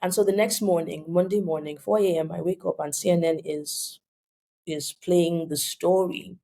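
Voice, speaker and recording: A woman's voice: lowish voice, fairly even intonation, moderate pace, gravelly, warm tone. A woman in her thirties with a Nigerian accent, telling her story animatedly as a podcast guest and acting out the voices she quotes. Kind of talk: storytelling in an interview.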